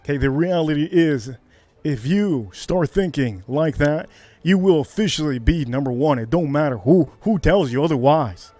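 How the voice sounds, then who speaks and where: Male livestream host, high animated delivery, repeats himself, hypes the chat. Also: normal speed, no room sound. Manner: hyped, repetitive, shouts catchphrases.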